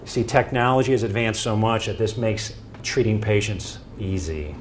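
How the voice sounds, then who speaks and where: A man giving a presentation to an audience, telling stories and acting out quoted dialogue in an animated way. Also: on the low side, normal speed, slight background noise.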